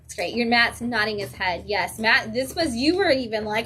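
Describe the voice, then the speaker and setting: A woman co-hosts a comic shop livestream, chatting about new comics. She sounds enthusiastic, laughs often, and her voice sits fairly high. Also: expressive, moderate pace, fairly bright tone, a little hiss or hum. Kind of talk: casual chat, comic reviews.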